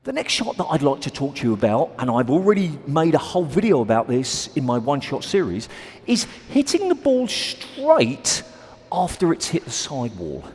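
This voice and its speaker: Lively husky man coaching in an echoey court. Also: fairly high pitch, normal speed. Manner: demonstrating shots while explaining, chatty and self-deprecating. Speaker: squash coach. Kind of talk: on-court instructional video. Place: squash court, indoors.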